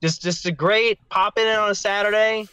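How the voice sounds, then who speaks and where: An excitable male guest with a bright, forceful voice pitched a bit high. He chats about a favorite comedy with eager enthusiasm and quick laughs. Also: clear, resonant tone, poor audio. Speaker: podcast guest. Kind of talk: casual podcast chat.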